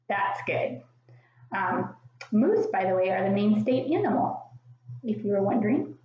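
A woman's voice: mid-range voice, lively intonation, moderate pace, very echoey, highs cut off. A woman hosting a preschool sing-along, singing and making playful animal sounds while she asks young viewers questions.

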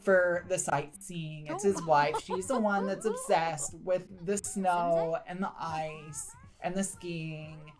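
A woman with a slightly low voice narrating a game as a casual storyteller. She rambles in a loose, chatty way, packing in plenty of "like" and "you know" as she talks through the action. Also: steady tone, slow pace. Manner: chatty storyteller, filler-heavy "like". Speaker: gaming channel host. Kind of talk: casual gameplay commentary.

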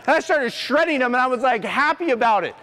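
A man who is a former coach and motivational speaker, telling an emotional personal story to an audience in an earnest, halting way. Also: very high-pitched, expressive, pushed and bright. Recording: long hall reverb.

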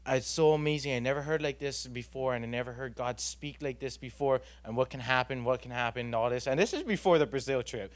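A man's voice: medium pitch, fast talker, few pauses. A young man, giving an earnest, rambling personal testimony at a church youth gathering, full of fillers and restarts.

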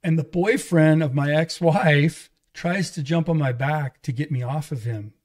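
This pastor's voice is a little high and a little mellow, and he takes his time. As a podcast guest, he tells a candid testimony in casual, meandering fashion, restarting sentences and acting out what others said.

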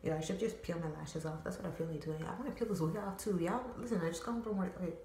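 A young woman tells a story from home in a loose, rambling way. She swears freely and fills her talk with slang. Her voice sits on the low side, and the room gives it a noticeable echo. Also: racing, dark tone, slight background noise. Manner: slangy, profane, filler-heavy rambling. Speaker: storytime vlogger. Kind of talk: casual storytelling. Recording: roomy echo.

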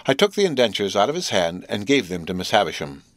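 Low-voiced male audiobook narrator. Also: very animated, fast, no echo. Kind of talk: scripted narration.

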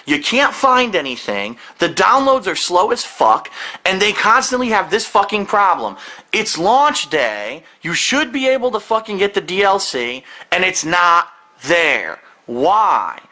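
A man with a high, bright voice rants to camera from his seat at home, swearing in nearly every sentence. His pitch leaps around with heated exasperation. The tone is that of a profane gaming-video tirade. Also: big pitch swings, unhurried, low-quality recording. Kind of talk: angry profane rant to camera. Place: seated indoors at home.

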